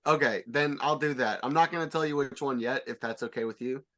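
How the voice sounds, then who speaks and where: A man's voice: mid-range voice, fairly quick, fairly bright tone. A man bantering playfully in casual tabletop game chat.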